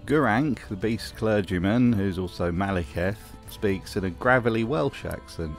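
A man's voice: fairly low pitch, measured pace, music in the background. A man narrating a scripted video essay with wry, jokey commentary.

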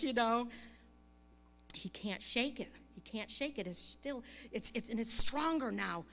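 A woman's voice: a little high, expressive, moderate pace, fairly bright tone. A woman telling a story in a conversational sermon, often checking in with the congregation and laughing lightly. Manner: conversational, keeps asking "right?" and laughs lightly. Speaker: speaker at a church service. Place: church sanctuary. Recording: long hall reverb.

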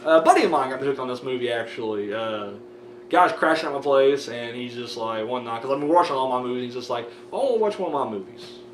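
A young man talking about his movie collection in a loose, excitable ramble, swearing a lot and piling up fillers. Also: mid-range voice, quick pace, recorded from a distance, slight background noise. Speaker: DVD collection vlogger. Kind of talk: casual profane movie chat. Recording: roomy audio from a camera mic set back.

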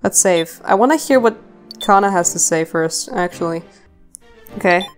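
A woman's voice: lowish voice, expressive, moderate pace, faint music behind. A woman streamer giving offhand, casual commentary while playing a game.

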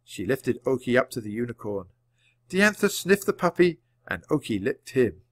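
A man reading a children's book aloud at a clear, measured pace. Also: mid-range voice, big pitch swings, a bit bright, no echo. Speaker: storybook reader.

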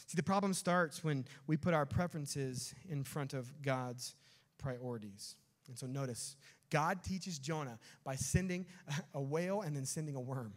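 Animated preacher in a reverberant church. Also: male voice, a little high, moderate pace. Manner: animated, storytelling preacher with rising bursts. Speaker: pastor. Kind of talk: sermon. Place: church sanctuary. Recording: long church hall reverb.

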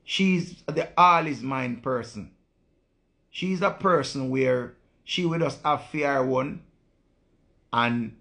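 A man's voice: mid-range voice, unhurried, gravelly, a bit bright. A man with a Jamaican accent, hosting a live stream and talking casually to viewers in blunt, profane patois.

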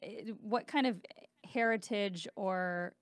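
A woman's voice: mid-range voice, takes it slowly, dry recording, studio quality. A woman hosting a casual podcast interview, curious and asking follow-up questions. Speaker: podcast host.

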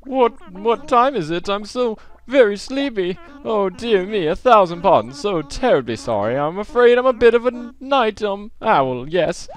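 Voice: medium pitch, animated, unhurried, hardly any pauses, pitched above the performer's own voice, lightly acted. A young gamer voicing a sleepy, fussy male owl who is drowsy and overly polite.

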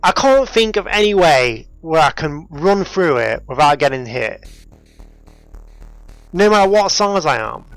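A man's voice: fairly high pitch, expressive, measured pace, no room sound, soft background music. A man commenting on a puzzle game as he plays, talking to himself and his viewers, often frustrated and exclaiming. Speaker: gaming video host. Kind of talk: let's play commentary.

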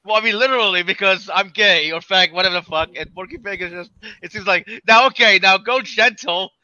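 A man's voice: high voice, brisk, bright, forceful tone, highs cut off. A man in crude casual group chat, flamboyant and exclamatory.

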